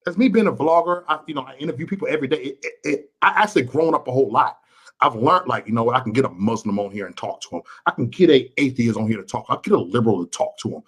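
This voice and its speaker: A man's voice: medium pitch, animated, quick pace, a bit bright, husky. A man from Chicago ranting bluntly and profanely on a vlog livestream, preachy and repetitive, talking to his chat viewers. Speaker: vlogger and livestream host.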